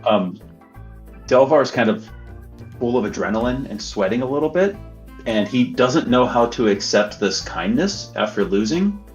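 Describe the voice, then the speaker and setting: A player in a tabletop game speaks in a hesitant, halting way with frequent pauses. The sound is somewhat dull, with soft music behind. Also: medium pitch, expressive. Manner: hesitant, with many fillers.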